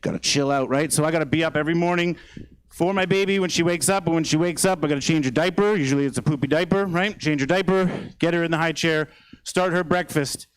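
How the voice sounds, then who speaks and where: High-voiced swearing Canadian comedian. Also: male voice, fast, clear, resonant tone, low-quality recording. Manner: swearing, rambling with fillers. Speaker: stand-up comedian. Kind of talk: stand-up set. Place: theater stage.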